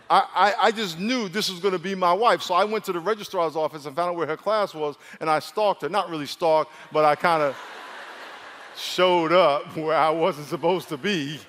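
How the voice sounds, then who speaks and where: A pastor from New York preaching a humorous sermon, acting out dialogue between stories. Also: male voice, unhurried, fairly bright tone. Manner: storytelling, acts out dialogue with big pitch swings and laughs. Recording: long hall reverb.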